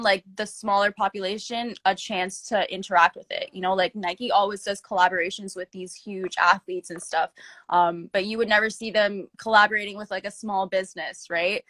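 A woman's voice: mid-range voice, dry recording. A young woman in casual chat, talking loosely with many fillers and slang as an interviewee. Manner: filler-heavy, animated, slangy.

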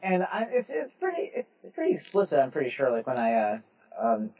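A man with a husky voice argues his case on a casual podcast, tripping over and repeating his words. He is a little off mic, on dull lo-fi audio. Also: medium pitch, wildly swooping pitch, brisk, distant mic. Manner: argumentative, stumbles and repeats words. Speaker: podcast co-host.

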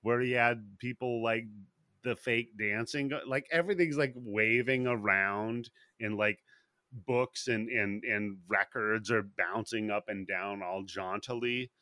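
A man's voice: lowish voice, unhurried, sharp tone, no echo, clean studio sound. A man hosting a podcast, casually recapping a movie plot in a rambling, profane way. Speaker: podcast host.

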